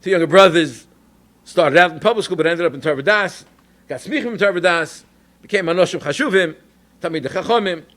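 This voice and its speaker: A man from New York, a rabbi and educator, telling an animated personal story in a Torah talk, sprinkled with Yiddish and Hebrew terms. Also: sits high, fast talker.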